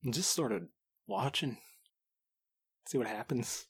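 A woman plays a shy, reserved sentient robot with a very deep, husky voice. It speaks slowly and hesitantly. It sounds close and dry. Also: dry recording, heavily acted.

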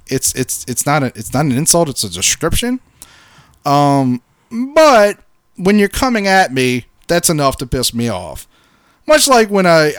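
A man's voice: medium pitch, dry recording, clean studio sound. A man co-hosting a podcast, telling a story in casual chat, swearing freely and acting out what people said. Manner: profane, animated, acts out quotes. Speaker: podcast co-host.

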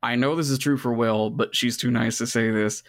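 A man's voice: medium pitch, fairly even intonation, moderate pace, no echo, clean studio sound. A man co-hosting a podcast in casual chat, frank and joking with some swearing. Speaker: podcast co-host.

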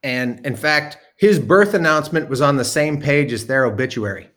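A man's voice: mid-range voice, moderate pace, fairly bright tone. A man telling a long personal story in a casual, rambling way, with many ums, asides and the odd swear word. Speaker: storyteller guest.

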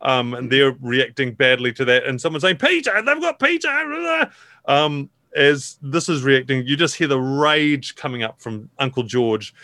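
A man running a tabletop game as game master. He narrates in a measured, descriptive way with fillers. The recording is close and dry. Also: mid-range voice, steady tone, fairly bright tone, no echo.

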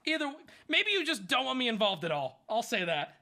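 Male streamer, casual sarcastic commentary, bright voice with a lively, swooping delivery. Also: extremely high pitch, fairly quick. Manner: animated, profane, sarcastic storytelling.

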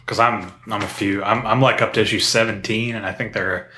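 A man's voice: lowish voice, steady tone, a little fast, sharp tone, a little hiss or hum. A man co-hosting a podcast, chatting casually and enthusiastically with plenty of fillers and restarts. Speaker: podcast co-host. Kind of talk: casual chat.

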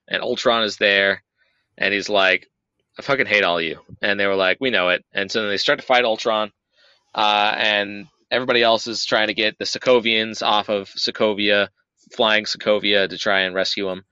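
A young man with a bright, smooth voice and slightly low pitch rambles through a movie recap, swearing freely and slipping into quick character voices. The sound is dry and a little dull, like a lo-fi home recording. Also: no room sound. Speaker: podcast host. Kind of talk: casual movie recap chat.

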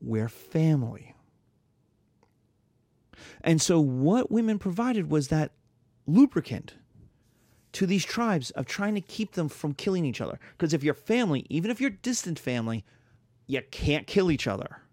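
A man teaching a history class in a lecture style, telling lively stories and acting out little scenes. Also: fairly high pitch, moderate pace, dry recording, clean studio sound. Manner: animated storytelling, acts out quarrels in voices.

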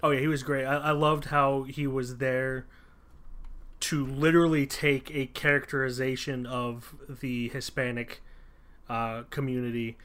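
A man talks through a film he just watched with a friend. His voice sits at an ordinary middle pitch, and he thinks aloud, circling back with ums and small restarts. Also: little pitch movement, measured pace, fairly bright tone, clear, resonant tone. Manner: thoughtful, many fillers and restarts. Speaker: podcast co-host reviewing a film. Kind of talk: casual chat.

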